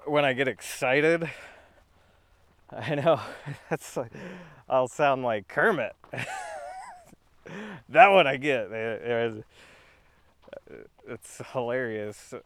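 A man's voice: mid-range voice, slow pace, a bit bright, no echo. A young man rambling in a casual monologue, with a goofy, slightly throaty voice, laughing often and restarting his sentences. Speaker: video creator.

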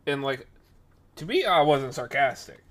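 A man casually telling a rambling workplace story, animated and acting out the voices of the people in it. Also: mid-range voice, measured pace.

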